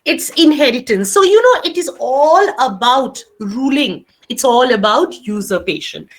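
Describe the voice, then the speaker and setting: A woman's voice: high voice, expressive, measured pace. A woman teacher with an Indian English accent lecturing a class online, emphatic and repeating key phrases for students to note down.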